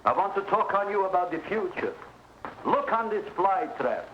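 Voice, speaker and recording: A man's voice: high voice, sing-song, moderate pace. An actor playing a scheming, greedy older male flower-shop owner in an old film, with mangled grammar and a theatrical, wheedling delivery. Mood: grandiose. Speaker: film character. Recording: dull, hissy old film soundtrack.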